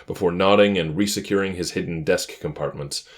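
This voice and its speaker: A man narrating a first-person science fiction story in a calm, measured, quiet way. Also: low voice.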